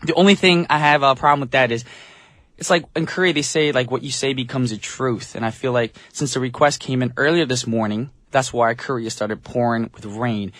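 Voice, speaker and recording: A man's voice: medium pitch, steady tone, fairly quick, a bit bright, no room sound, studio quality. A man from the United States hosting a morning radio show in an upbeat, chatty, self-joking way. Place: radio studio.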